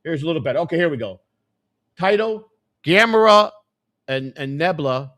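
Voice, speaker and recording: A man hosting a live stream, rambling and swearing as he thinks out loud to his chat. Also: fairly high pitch, animated, moderate pace, no room sound, studio quality. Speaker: livestream host. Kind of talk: casual live-stream commentary.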